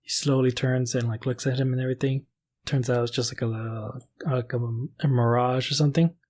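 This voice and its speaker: A man's voice: medium pitch, fairly even intonation, fairly quick, darkish tone. A man in casual chat as a podcast co-host, rambling with lots of fillers and some swearing. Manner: rambling, many fillers, swears when telling a story.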